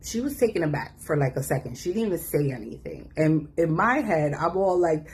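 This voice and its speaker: A woman telling a personal story in a casual, animated way, acting out the voices of the people in it. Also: on the low side, a little fast, hardly any pauses, a little hiss or hum. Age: adult. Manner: animated, acts out quoted voices.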